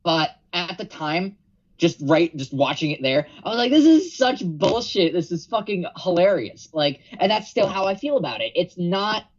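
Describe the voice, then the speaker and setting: A man chatting casually on a wrestling podcast, excitable, swearing freely and laughing often. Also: high voice, normal speed, lo-fi sound. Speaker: podcast co-host. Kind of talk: casual wrestling review chat.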